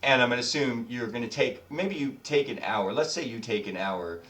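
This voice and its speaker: A man's voice: mid-range voice, fairly quick, fairly bright tone, recorded from a distance. A man acting as dungeon master for a tabletop game, narrating and joking in a casual way with lots of fillers.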